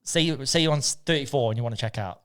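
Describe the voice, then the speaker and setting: Casual animated man telling a story. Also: mid-range voice, rapid-fire. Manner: animated storyteller, acts out quoted lines, laughs often. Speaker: podcast co-host. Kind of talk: casual chat.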